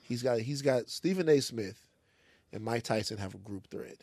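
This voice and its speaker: A man from Louisiana, co-hosting a casual comic chat and telling lively stories. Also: medium pitch, normal speed, creaky, dry recording, studio quality. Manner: animated storyteller, acts out other voices. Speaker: podcast co-host.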